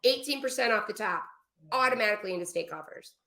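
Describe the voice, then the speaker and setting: Animated woman in a roomy echo. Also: mid-range voice, vocal fry. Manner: fast, animated explaining with asides. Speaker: guest, travel business owner. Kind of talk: podcast interview.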